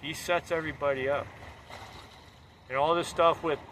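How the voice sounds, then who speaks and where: A man's voice: on the high side, fairly even intonation, moderate pace, a bit bright, slight background noise. A man delivering a fervent, preachy political monologue.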